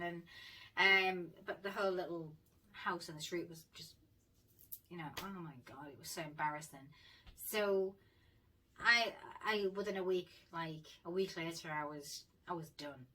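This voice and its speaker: A woman's voice: lowish voice, steady tone, normal speed, bright, forceful tone, far from the mic, a little hiss or hum, poor audio. A woman vlogger telling a personal story in a casual, chatty way, swearing freely and laughing often. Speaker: paranormal vlogger.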